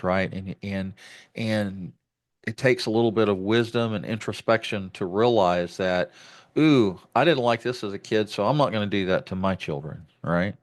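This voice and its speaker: Low-voiced reflective man, podcast host. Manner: reflective, rambling with restarts. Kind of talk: conversational interview.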